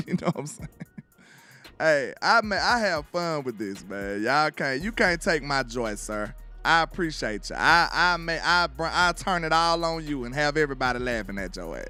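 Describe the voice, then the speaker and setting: A man from Alabama with a Southern accent hosts loose, trash-talking sports commentary, constantly asking if you know what he's saying. His voice is on the high side, very animated, bright and forceful, at a moderate pace, with faint music behind him.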